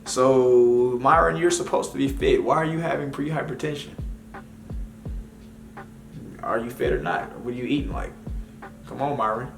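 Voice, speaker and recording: A man's voice: medium pitch, animated, fast talker, vocal fry. Man, casual vlog commentary, rambling with fillers, roomy echo, faint music. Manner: rambling, slangy, many fillers. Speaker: commentary vlogger. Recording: echoey room with faint music.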